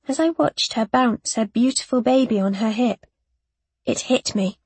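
Woman narrator, slow, breathy, dry close read; measured storytelling. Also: on the high side, a little mellow, no room sound. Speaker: audiobook narrator. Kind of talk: first-person scripted narration.

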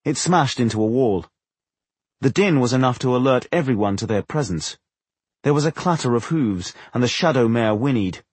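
A man narrating a fantasy novel as an audiobook, telling it in an expressive way. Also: medium pitch, moderate pace, slightly rough, no echo. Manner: expressive storytelling.

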